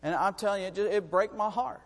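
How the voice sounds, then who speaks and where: A man, preaching a folksy sermon that rises to fervent shouting. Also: high voice, fast talker, in a large hall.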